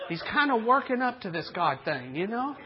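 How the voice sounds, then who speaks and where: A man's voice: high-pitched, big pitch swings, moderate pace, dull audio, crowd noise, noisy background. A man preaching a folksy, joking sermon to a congregation, acting out the people in his stories. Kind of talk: storytelling sermon.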